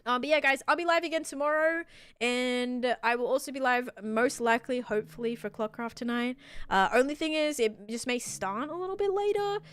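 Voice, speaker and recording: A woman's voice: high voice, brisk, a bit bright, clear, resonant tone. A woman chatting casually and bubbly on a live stream while playing, thanking her viewers. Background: faint background music.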